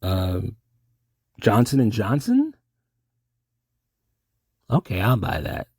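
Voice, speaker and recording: A man's voice: lowish voice, wildly swooping pitch, slow pace, gravelly, a little mellow, husky, no echo, studio quality. A man in a rambling, improvised comic monologue, often losing his train of thought and trailing off.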